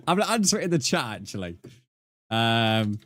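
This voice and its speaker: A man's voice: medium pitch, sing-song, moderate pace, fairly bright tone, no room sound. A young man streaming a game, casually reading out and answering his chat with frequent laughs. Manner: chatty, reads and answers chat messages, laughs often.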